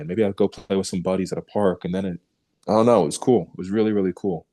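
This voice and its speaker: A young man with a very low, deep voice tells stories as an interview guest. He acts out what others said and laughs easily, keeping things casual and animated. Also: fast. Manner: animated storyteller who acts out quoted remarks, laughs easily.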